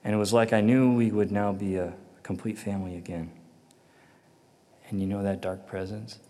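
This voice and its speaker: Low mellow man telling his story. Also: fairly even intonation, moderate pace. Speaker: testimony speaker. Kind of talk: personal faith testimony. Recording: long hall reverb.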